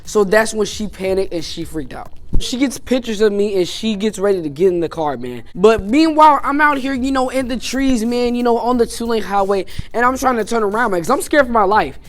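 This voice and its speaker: A man's voice: high voice, lively intonation, brisk. A man telling a personal story on his vlog in a loose, casual way, dropping "man" and "you know" into nearly every sentence. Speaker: YouTuber.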